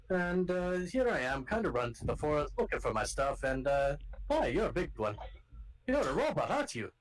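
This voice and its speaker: A man's voice: on the high side, pitched above the performer's own voice, poor audio. A man voicing a chatty adventurer, putting on a blended Scottish and Irish accent and rambling in a folksy way. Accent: put-on mix of Scottish and Irish. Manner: rambling, folksy, calls people lass. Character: chatty male adventurer with a put-on brogue.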